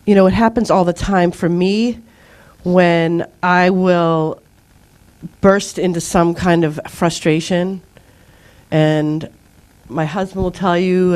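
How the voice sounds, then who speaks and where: A woman's voice: on the low side, no echo. Earnest middle-aged woman giving a spiritual talk. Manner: earnest, animated storytelling with acted-out outbursts. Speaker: spiritual teacher leading a group. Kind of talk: informal spiritual talk to a group.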